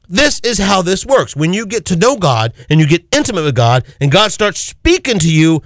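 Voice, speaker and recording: A man's voice: high voice, a bit bright, no echo, clean studio sound. A man preaching an impassioned sermon, quoting scripture and acting out the voices of doubters.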